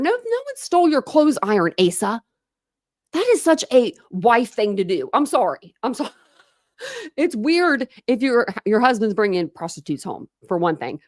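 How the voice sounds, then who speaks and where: Here a young woman from the US runs a casual true crime live stream, chatting and handling viewer comments. She speaks in a mid-range voice, captured in a dry, studio-quality recording.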